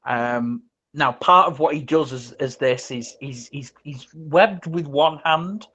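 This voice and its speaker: A man's voice: a little high, slow pace, slightly rough. A man hosting a podcast, casually retelling a film scene with lots of ums and restarts. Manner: animated retelling, acts out quotes, many ums and restarts. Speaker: podcast host.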